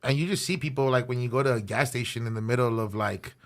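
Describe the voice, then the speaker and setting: A man in his thirties from California, a guest musician telling road stories in a relaxed, slangy podcast chat and dropping in Spanish words. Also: mid-range voice, fast. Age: 30s. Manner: animated storyteller, slangy, mixes in Spanish words.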